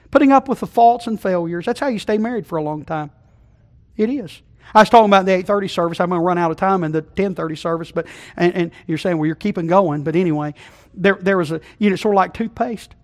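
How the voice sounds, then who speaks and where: High-voiced folksy preacher, loud to hushed. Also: male voice. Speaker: pastor. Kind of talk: sermon. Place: church sanctuary.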